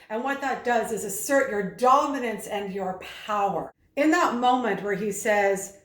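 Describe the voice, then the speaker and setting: A woman's voice: a little high, lively intonation, unhurried, few pauses, echoey room. A woman speaking coach giving an analytical video commentary, explaining and acting out the vocal emphasis she describes.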